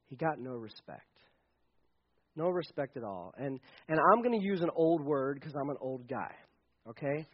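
Chatty preacher guy, pretty high voice, kinda muffled lo-fi recording. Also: slightly rough. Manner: chatty, joking, with restarts. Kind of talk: sermon. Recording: dull lo-fi recording.

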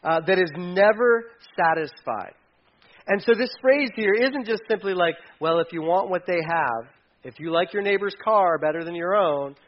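A man preaching a sermon in a conversational way, dropping to quiet asides and rising to loud, emphatic bursts. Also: sits high, lively intonation, normal speed, muffled recording. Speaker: pastor.

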